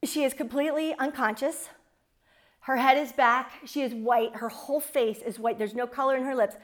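A woman's voice: high-pitched, steady tone, normal speed. A woman in her forties telling a personal testimony to an audience in an earnest, fervent storytelling manner. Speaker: speaker sharing a testimony.

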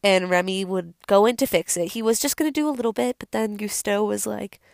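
A young woman talks loosely and enthusiastically about a favourite film, dropping fillers as she goes. Her mid-pitched voice carries a steady gravelly fry. The recording is dry and close, with no room sound. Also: brisk, no echo. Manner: rambling, chatty, many fillers. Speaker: video host. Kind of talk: casual unscripted film talk.

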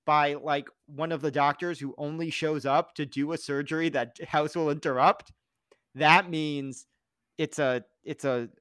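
A man's voice: fairly high pitch, a little slow, smooth, no echo, clean studio sound. A man co-hosting a podcast, chatting casually and jokily, acting out quoted lines as he recaps a TV episode. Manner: animated, jokey, acts out quoted lines. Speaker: podcast co-host.

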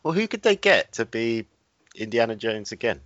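A man's voice: mid-range voice, sing-song, normal speed, a crowd in the background. A man co-hosting a casual podcast chat, steering topics and laughing often. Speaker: podcast co-host. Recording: dull lo-fi sound.

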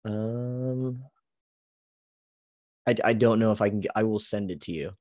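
A man's voice: lowish voice, measured pace, darkish tone, dry recording. A man co-hosting a podcast in casual chat, laughing often and leaning on "like". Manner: laughs often, heavy use of "like". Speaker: podcast co-host.

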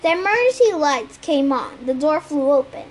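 A woman reading a novel aloud as an amateur audiobook reader, lively, putting on voices for the quotes. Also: high-pitched, moderate pace, a little hiss or hum, rough recording.

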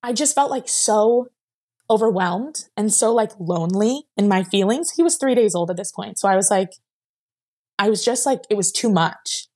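Young woman rambling through an emotional story, lots of "like", a bit teary, mid-pitched. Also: normal speed, a little mellow. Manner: emotional, rambling, many "like" fillers. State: near tears at times. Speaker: guest. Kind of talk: personal story in a podcast interview.

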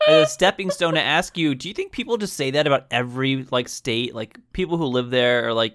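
A man's voice: medium pitch, expressive, a little fast, few pauses, a bit bright, no room sound. A man co-hosting a podcast, musing in a laid-back, casual way about a movie. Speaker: podcast co-host. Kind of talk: casual movie-review chat.

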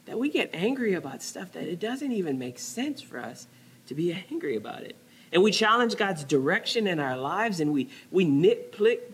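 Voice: medium pitch, husky. A pastor preaching a conversational sermon, often dropping to a near-whisper on key words.

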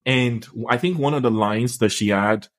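A young man co-hosting a casual podcast chat, telling stories in an animated, playful way. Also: mid-range voice, normal speed. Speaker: podcast co-host.

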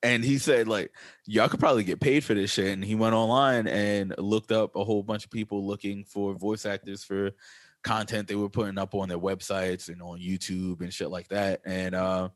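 A man with a fairly low voice co-hosts a podcast in a casual, joking way, trading banter and laughing easily. His voice is recorded close and dry, with no room echo. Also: little pitch movement, normal speed. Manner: laid-back, joking banter with frequent laughs. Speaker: podcast co-host. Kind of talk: casual chat.

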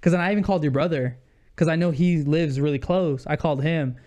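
A young man telling a heated story in casual chat on a podcast, animated and saying "dude" a lot. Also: fairly high pitch, quick pace.

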